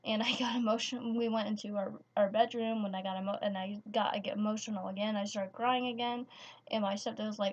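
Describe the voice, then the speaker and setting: A woman's voice: medium pitch, steady tone, quick pace. A teenage girl telling a personal story in a vlog, hesitant and full of restarts. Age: teens. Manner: hesitant, many restarts and fillers. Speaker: vlogger. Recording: slightly dull lo-fi sound.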